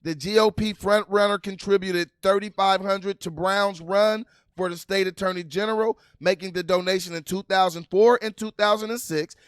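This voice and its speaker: Guy chatting to his viewers, high bright voice, dry sound, laughs a lot. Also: moderate pace, hardly any pauses, clean tone, no room sound. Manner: animated, laughing, talks to viewers as "you guys"; reads news aloud while scrolling. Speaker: political commentary vlogger. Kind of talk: casual livestream commentary.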